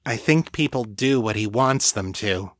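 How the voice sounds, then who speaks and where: A man's voice: on the low side, animated, unhurried, a bit bright, no echo, clean studio sound. A man voicing a worried, determined young woman who is a psychic investigator, speaking earnestly and urgently.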